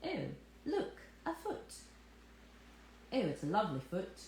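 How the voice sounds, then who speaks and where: A woman putting on a prim, gushing posh lady voice, with affected, drawn-out delivery in an echoey room. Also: mid-range voice, huge pitch swings, a little mellow, slight background noise, pitched above the performer's own voice. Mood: mock-posh.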